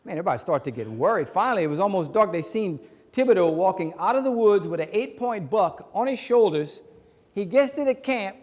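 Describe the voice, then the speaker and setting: Man, Cajun accent, stand-up comedian, folksy, chatty, high pitch, long hall reverb. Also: expressive, quick pace, few pauses, a little mellow. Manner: folksy, chatty, laughs at his own jokes. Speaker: comedian, keynote speaker. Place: large conference hall.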